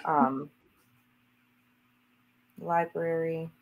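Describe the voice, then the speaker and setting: A woman's voice: sits low, fairly even intonation, very slow, highs cut off. A woman author chatting as an interview guest, talking with gushing enthusiasm about books she loves. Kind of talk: casual interview chat.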